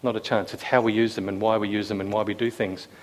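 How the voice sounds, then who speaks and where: A man's voice: on the low side, little pitch movement, fast. Conversational male preacher. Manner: conversational, asks the room questions; acts out quoted lines with raised voice. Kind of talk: sermon. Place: room with a live audience.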